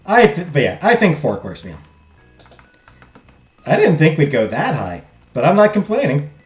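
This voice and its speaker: Animated young man streaming a game. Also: fairly high pitch, moderate pace. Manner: animated, joking, reads game text aloud. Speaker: gaming streamer. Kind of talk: let's play commentary. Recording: echoey room, faint music.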